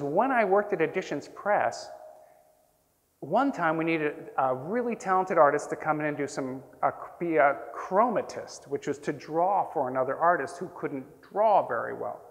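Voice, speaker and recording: A man in his sixties, a printmaker, telling rambling, animated anecdotes to an audience. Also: medium pitch. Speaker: printmaker telling stories at a talk. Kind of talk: casual storytelling to an audience. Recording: roomy hall with long reverb.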